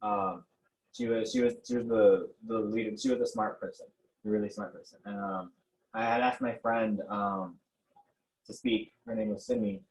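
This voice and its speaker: Low-voiced young man, hesitant storytelling. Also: animated, normal speed, creaky, darkish tone, rough recording. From Mexican heritage. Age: teens. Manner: hesitant, many restarts and fillers, laughs often. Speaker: interviewee, protest organizer. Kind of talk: casual conversational interview.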